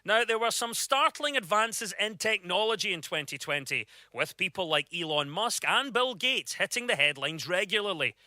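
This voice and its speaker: A man hosting a comedy panel show, reading news items briskly and laughing easily. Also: high-pitched, sing-song, sharp tone, no echo, studio quality. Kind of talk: scripted news-parody presenting.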